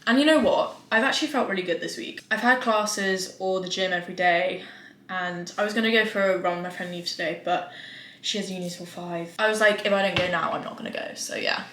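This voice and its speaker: A woman's voice: on the low side, fairly quick, fairly bright tone. A young woman, talking casually and frankly to camera in a rambling vlog. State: out of breath. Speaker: vlogger. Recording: echoey room.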